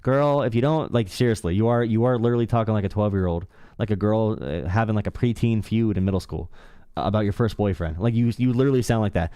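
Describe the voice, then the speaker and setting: A man's voice: on the low side, fast talker, dark tone, clear, resonant tone, no echo, studio quality. A young man hosting a casual political call-in stream, sarcastic and mocking. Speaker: livestream talk show host.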